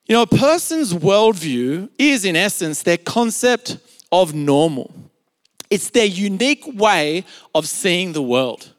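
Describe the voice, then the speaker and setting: A man's voice: sits high, sing-song, takes it slowly, in a large hall. A man with an Australian accent preaching a sermon in a conversational, storytelling way, full of filler words. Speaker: pastor. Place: church service, streamed.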